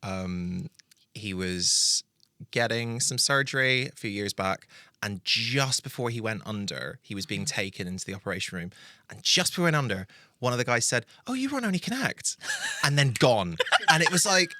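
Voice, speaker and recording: A man in his thirties chats as a podcast guest, telling his stories with quick, wry, self-deprecating humour. His voice is on the low side but bright and forward. The sound is close and dry. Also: animated, dry recording. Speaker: podcast guest, quiz writer. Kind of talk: casual chat.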